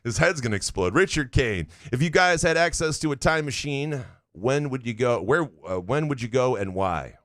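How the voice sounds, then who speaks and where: A man's voice: medium pitch, animated, moderate pace, hardly any pauses, a bit bright, no room sound, clean studio sound. A man in his forties co-hosting a casual sports podcast, reading listener questions aloud and teasing with profane jokes. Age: 40s. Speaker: podcast co-host.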